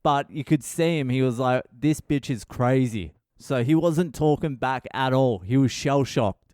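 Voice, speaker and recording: A man's voice: medium pitch, moderate pace, darkish tone, clear, resonant tone, dry recording, studio quality. A middle-aged Australian man hosting a podcast, telling stories in a blunt, profane, rambling way. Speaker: podcast host. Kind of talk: casual storytelling monologue.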